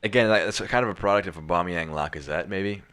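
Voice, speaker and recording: Young male co-host, very low voice, loose rambling football chat. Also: quick pace, fairly bright tone, clear, resonant tone. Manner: rambling, many restarts and fillers. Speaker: podcast co-host.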